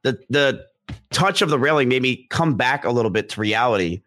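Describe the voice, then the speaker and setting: A man's voice: medium pitch, animated, brisk, fairly bright tone. A young man talking casually and rambling, with many restarts and fillers. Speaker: podcast guest discussing ADHD. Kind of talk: casual conversation.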